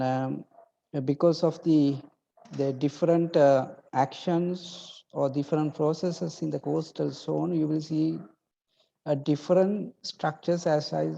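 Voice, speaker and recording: Gravelly, dark-voiced lecturer, halting. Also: medium pitch. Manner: halting, many fillers and restarts, checks in with 'right?'. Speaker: university lecturer. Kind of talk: online lecture. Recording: dull lo-fi online lecture audio.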